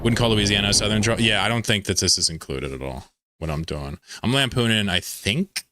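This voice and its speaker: A man's voice: fairly low pitch, fairly quick, sharp tone, slight background noise. A man from the American South chatting casually with viewers while streaming a game, rambling, offhand and profane. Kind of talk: casual live-stream chat over gameplay.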